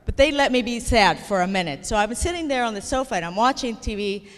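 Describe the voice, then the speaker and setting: A woman's voice: a little high, animated, fast. A woman giving a comedic keynote speech, telling playful, self-deprecating stories to an audience. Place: large hall before an audience. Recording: long hall reverb.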